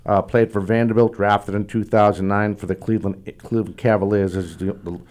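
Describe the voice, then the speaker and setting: A friendly man with a lowish voice hosts a sports talk show. He asks his questions in a halting, chatty way and often restarts his sentences. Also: flat delivery, darkish tone. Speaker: podcast host.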